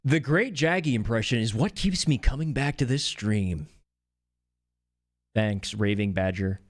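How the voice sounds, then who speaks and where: Playful man streaming a game, lively pitch. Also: unhurried, dry recording. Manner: playful, joking, reacts to chat. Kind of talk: casual live gameplay commentary.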